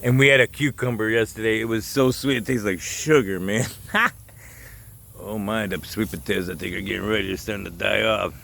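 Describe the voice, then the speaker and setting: A man's voice: lowish voice, steady tone, a little fast, vocal fry, pushed and bright, a little hiss or hum. A man with a Chicago accent walks around his backyard garden filming on his phone, rambling casually, chuckling often and swearing freely as he points things out. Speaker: gardening vlogger. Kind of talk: casual walk-and-talk vlog.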